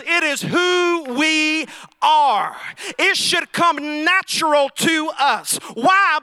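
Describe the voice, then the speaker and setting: A middle-aged man preaches with a very high, bright voice. He takes his time, stretching words out slowly before building into shouts. The sound is dry and close. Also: no echo. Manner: preaching with rising shouts and drawn-out emphasis. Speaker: pastor. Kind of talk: sermon.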